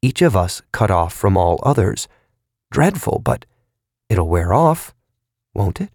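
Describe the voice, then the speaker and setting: A man narrating a story, voicing a man brooding uneasily to himself in a quiet voice. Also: sits low, big pitch swings, slow, dry recording, clean studio sound, exaggerated voice. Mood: uneasy.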